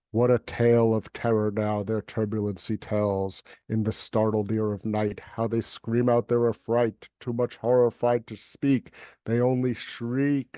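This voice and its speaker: A man's voice: lowish voice, dark tone, dry recording. A man and poet giving an emphatic, rhythmic poetry reading over a video call, then chatting about the poem. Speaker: poet reading at a livestream event. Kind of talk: dramatic poetry recitation, then casual chat.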